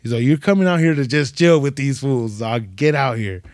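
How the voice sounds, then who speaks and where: Socal comedian dude, slangy and cussing a lot, dry close mic sound. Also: male voice, mid-range voice, normal speed, no echo. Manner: slangy, profane, animated storytelling. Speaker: comedian guest. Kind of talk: casual podcast chat.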